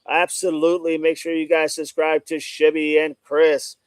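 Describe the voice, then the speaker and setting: Male live-stream host, casual chat with viewers, clean resonant voice, slightly high, greets everyone by name. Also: monotone, normal speed, clear, resonant tone, no echo. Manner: greets viewers by name, repeats "no doubt about it". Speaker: livestream host reading chat.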